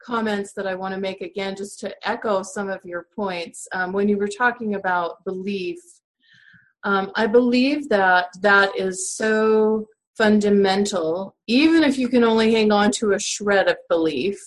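Woman host, calm and reassuring, middle pitch, talks at an even measured pace. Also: low-quality recording. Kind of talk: casual chat.

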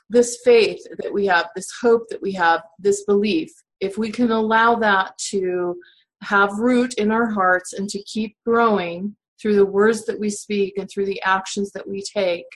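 A woman hosts a conversation and responds to her guest in a measured, reassuring manner. Her voice sits at a middle pitch. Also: rough recording. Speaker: host. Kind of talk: casual chat.

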